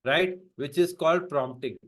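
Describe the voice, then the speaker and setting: A man's voice: a little high, moderate pace. A man instructor teaching a live webinar, repeating key phrases and checking in with "right?" and "okay" as he explains.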